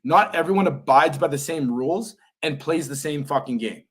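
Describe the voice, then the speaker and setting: Blunt, foul-mouthed young man, slightly high voice. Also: moderate pace, slight background noise. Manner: blunt, emphatic, swears constantly, motivational lecturing. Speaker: podcast co-host. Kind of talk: casual podcast chat.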